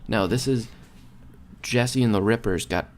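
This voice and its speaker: A young man co-hosting a podcast, casually recapping a sitcom episode with animated retellings and quick acted-out quotes. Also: fairly low pitch. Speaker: podcast co-host.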